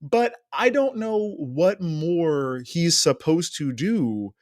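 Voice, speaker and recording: A man's voice: fairly high pitch, expressive, slow pace, dry recording, clean studio sound. A man co-hosting a podcast, talking candidly in casual chat, swearing and rambling with restarts. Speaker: podcast co-host. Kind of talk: casual reality-show recap chat.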